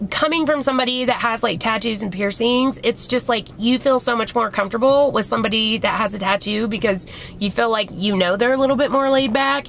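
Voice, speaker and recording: A woman's voice: fairly high pitch, gravelly, a bit bright, a little hiss or hum, poor audio. A woman vlogger telling a long story in casual chat, rambling and swearing a lot. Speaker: beauty vlogger.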